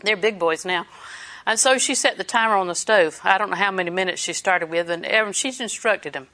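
Older female preacher, bright tone, lively anecdotal sermon delivery. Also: medium pitch, a little fast. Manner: storytelling, animated, laughs while preaching.

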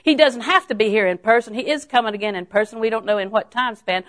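An older woman preacher giving a sermon, telling homely stories and then rising into emphatic, drawn-out exhortations. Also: on the high side. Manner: folksy storytelling that rises to emphatic, drawn-out exhortation.

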